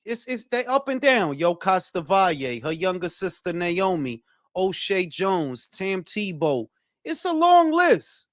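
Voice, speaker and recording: A man's voice: high voice, very animated, slow pace, no echo, clean studio sound. A man from Detroit with a Detroit accent, hosting a boxing talk stream and ranting in a blunt, profane, heated way. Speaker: boxing talk show host. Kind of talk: casual livestream commentary.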